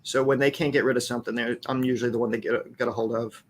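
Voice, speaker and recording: A man's voice: mid-range voice, fairly even intonation, fast, slight background noise. A man talking as a podcast guest in a loose, rambling and profane casual chat.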